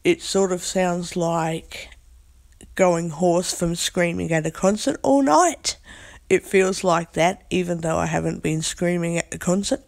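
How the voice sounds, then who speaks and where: A woman with a hoarse, croaky voice, chatting casually in a vlog from her bed, recorded on a phone. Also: lowish voice, a little slow, a little mellow. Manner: rambling, chatty. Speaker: vlogger. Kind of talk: casual chat. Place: in bed at home.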